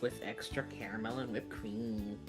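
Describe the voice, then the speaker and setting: A woman's voice: a bass voice, steady tone, normal speed, over music. A woman co-host chatting casually, teasing and laughing along. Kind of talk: casual chat.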